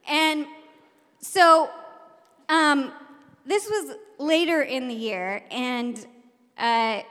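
A woman with a fairly high voice tells a true story from her teaching days before a live audience. She is animated and laughs often, acting out the lines she shouted. Her voice carries a long hall reverb.

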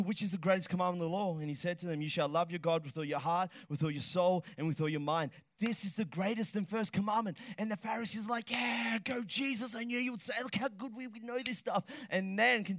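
A middle-aged man preaching a lively sermon, animated and joking, often shouting to stress a point. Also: sits high, fairly quick, no room sound, studio quality. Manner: animated, shouts for emphasis, jokes with the crowd. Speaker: pastor.

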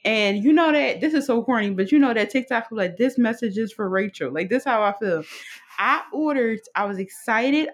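A woman co-hosting a podcast in casual chat, laughing often, swearing and telling stories with energy. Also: medium pitch. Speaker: podcast co-host.

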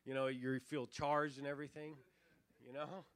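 A man's voice: mid-range voice, level tone, normal speed, a bit bright, no echo. A male pastor preaching a sermon to his congregation in a loose, conversational way, with fillers and restarts, building intensity as he retells a story. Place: church sanctuary.

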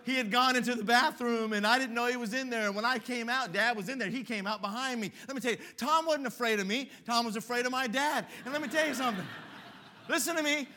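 A middle-aged man preaching with a high, bright voice. He tells stories in an animated way, swelling up for emphasis. His delivery is lively and forceful. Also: fast talker, hardly any pauses. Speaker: pastor. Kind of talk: sermon.

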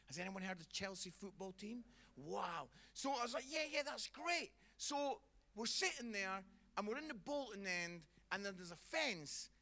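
A Scottish man doing a stand-up comedy routine, telling a story in a chatty way and keeping the audience involved with quick "yeah?" check-ins. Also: high voice, bright, forceful tone. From Scotland.

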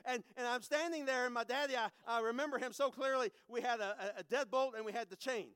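A middle-aged man, preaching a personal testimony, swinging from hushed to loud and repeating phrases. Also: extremely high pitch, fast, smooth, dry recording. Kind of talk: sermon testimony.

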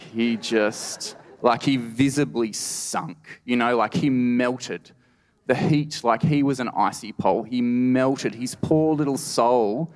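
An Australian man telling a true story on stage at a live storytelling event, wry and conversational with lots of "you know". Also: mid-range voice. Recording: reverberant live hall.

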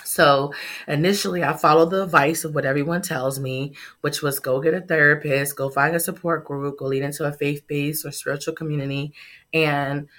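A woman's voice: sits low, fairly even intonation, moderate pace, a bit bright. A middle-aged woman, a startup founder, telling a heartfelt personal story in a podcast interview.

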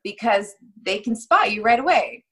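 A woman's voice: mid-range voice, lively intonation, moderate pace, fairly bright tone, low-quality recording. A woman guest on a panel show, giving long, earnest advice in a casual discussion.

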